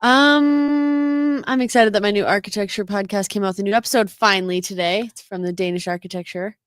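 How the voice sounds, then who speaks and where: A woman's voice: medium pitch, fairly even intonation, a little fast, clean tone, no room sound, clean studio sound. A woman co-hosting a podcast in casual chat, dropping wry, teasing quips. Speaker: podcast co-host.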